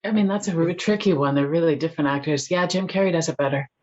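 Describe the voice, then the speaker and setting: A woman's voice: deep voice, fast talker, darkish tone, dull audio. A woman from Canada, an actress guest on a casual interview chat, speaking wryly.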